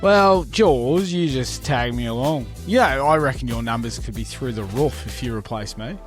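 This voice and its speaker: This is a medium-pitched male co-host speaking at a moderate pace, with faint music in the background. Casual and deadpan, he swears, cracks wry jokes, and reads out comic fake news stories on a sports podcast.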